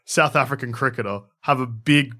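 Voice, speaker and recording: A man's voice: medium pitch, normal speed, bright, forceful tone. A man co-hosting a comedy podcast in an ordinary mid-range voice. He tells things in long, rambling runs and swears offhandedly. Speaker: podcast co-host.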